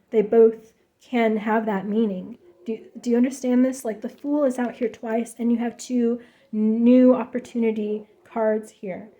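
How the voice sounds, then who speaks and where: Chatty woman doing a tarot reading, kinda high voice, lots of um and like. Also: warm tone. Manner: emphatic, chatty, many fillers and restarts. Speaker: tarot reader. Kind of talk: casual spoken tarot reading.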